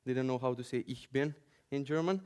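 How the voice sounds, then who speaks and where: A man's voice: mid-range voice, brisk, darkish tone, clear, resonant tone. A man from Macedonia giving a joking, sarcastic conference talk and ranting to a hall audience. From North Macedonia. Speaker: conference speaker.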